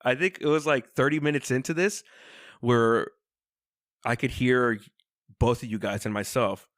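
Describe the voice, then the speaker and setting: A man hosting a podcast, casually retelling a classic film in a rambling, animated way. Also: medium pitch, moderate pace, no echo, studio quality. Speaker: podcast host. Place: room in Los Angeles.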